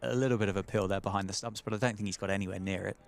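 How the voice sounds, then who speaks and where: This play-by-play man on the cricket has a fairly low, creaky voice and a steady tone, talking rapid-fire as he covers every ball live and chats with his co-commentator through frequent questions.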